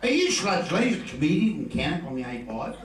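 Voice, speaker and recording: A comedian voicing a brash, friendly Australian bloke in a bar, talking in a loud, high, chummy drawl. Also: male voice, sing-song, fairly quick. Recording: roomy venue from far off, audience laughter.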